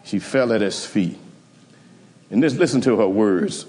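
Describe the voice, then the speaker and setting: A man preaching a sermon, emphatic and animated, chuckling as he tells the story. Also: lowish voice, moderate pace, in a large hall.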